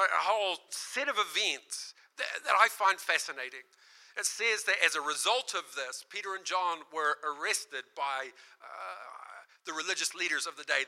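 A male preacher with a high, very bright voice tells his story with energy. He acts out the people he quotes and often breaks into laughter. His tone carries a sharp edge throughout. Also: poor audio. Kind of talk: sermon storytelling.

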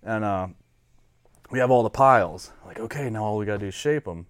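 A man's voice: on the low side, fairly quick, clear, resonant tone, dry recording, studio quality. A middle-aged man in casual chat, laid-back, swearing and laughing as he tells stories. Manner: laid-back, swears, laughs often, quotes people in character. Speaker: guest.

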